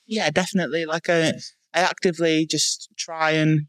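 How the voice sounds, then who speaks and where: A woman's voice: sits low, level tone, moderate pace, dry recording, studio quality. A woman strongwoman athlete from the UK, answering interview questions frankly with plenty of "um" and "like". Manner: frank, lots of "um" and "like".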